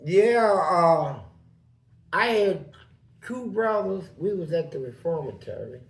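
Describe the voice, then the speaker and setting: A man with a Southern US accent telling prison stories in a loose, animated way, acting out voices in the quotes. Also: high voice, slow pace, reverberant. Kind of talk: casual storytelling.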